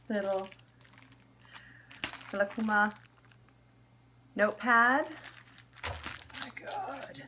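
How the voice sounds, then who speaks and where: A woman's voice: mid-range voice, a bit bright, slight background noise. A young woman vlogger doing an unboxing video, gushing and squealing over cute items. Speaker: cosplay vlogger.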